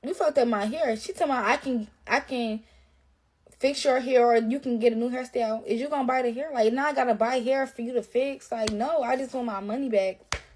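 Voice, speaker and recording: A woman's voice: on the high side, brisk, darkish tone. A woman telling a story in an irritated, casual rant full of fillers and cursing, recorded on a phone. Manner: irritated, profane, lots of fillers.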